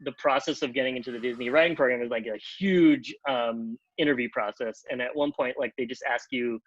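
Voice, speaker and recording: A man telling a long anecdote on a podcast, animated, acting out the other people in pitched-up voices and leaning on "like" as he talks. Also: brisk, no echo, lo-fi sound. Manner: animated, acts out quotes in pitched-up voices, many "like" fillers. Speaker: podcast guest, TV comedy writer. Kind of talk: casual storytelling.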